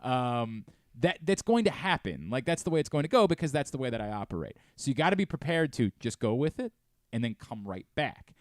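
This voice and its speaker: A man's voice: mid-range voice, brisk, dry recording. A man hosting a radio show in casual studio chat, talking in a rambling way and interrupting himself. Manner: animated, rambling, self-interrupting. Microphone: studio mic.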